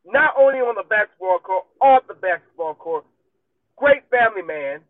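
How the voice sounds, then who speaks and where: High-voiced man ranting with a country twang. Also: expressive, normal speed, dry recording. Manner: emphatic, profane, repetitive ranting. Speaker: podcast host. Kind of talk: heated solo commentary. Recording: dry, tinny phone-like audio.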